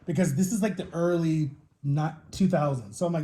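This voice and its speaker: Guy in his 30s vlogging while he eats, kinda high voice but mellow, just rambles on telling stories. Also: moderate pace. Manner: rambling, chatty storytelling. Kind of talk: casual chat to camera while eating.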